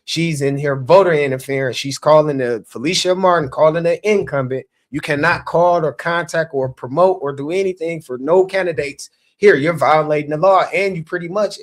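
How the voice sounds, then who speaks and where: Podcast guest, man, Chicago accent, slightly high voice, animated storyteller who acts out quotes. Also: normal speed, hardly any pauses. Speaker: podcast guest, election candidate. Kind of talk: casual storytelling chat.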